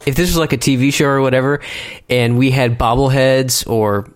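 A man's voice: mid-range voice, steady tone, normal speed. Man, podcast host, casual teasing banter. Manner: joking, teasing.

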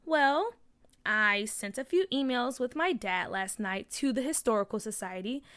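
Woman reader doing a plucky schoolgirl rallying her neighborhood; keep it high and bright. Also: lively intonation, measured pace. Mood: eager. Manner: eager, determined. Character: spirited young schoolgirl activist. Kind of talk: storybook read-aloud.

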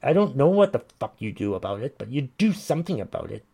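Gravelly-voiced man ranting. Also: medium pitch, sing-song, fast talker, dark tone. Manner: blunt, swearing, frustrated ranting. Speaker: podcast host reading listener messages. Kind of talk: casual ranting commentary.

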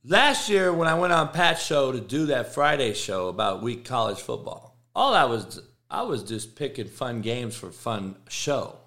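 Bright-voiced, profane man ranting. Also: medium pitch, sing-song, measured pace. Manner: profane, emphatic, repeats himself. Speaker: sports podcast host. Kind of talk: casual rant on college football.

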